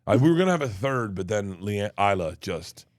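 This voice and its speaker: A comedian talking as a guest in a casual chat, telling stories in a rambling way with many restarts. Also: male voice, lowish voice, sing-song, brisk, no room sound, clean studio sound. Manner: rambling storyteller, restarts often.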